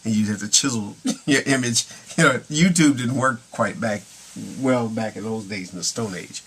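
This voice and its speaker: Middle-aged man, husky voice, casual rambling vlog talk, chuckles, mixes in Spanish. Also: medium pitch, normal speed, fairly bright tone. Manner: rambling, chuckling, drifts between English and Spanish. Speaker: vlogger.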